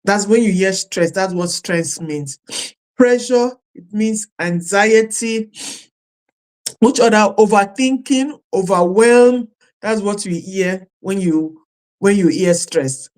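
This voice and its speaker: A woman coach speaks live to an online audience in a voice of ordinary middle pitch. She asks her viewers the same question several times over and gives extra weight to each word in her lists. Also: takes it slowly, darkish tone. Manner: repeats questions to viewers, stresses listed words. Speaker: life coach. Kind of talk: live-streamed coaching session. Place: streaming live at home or studio.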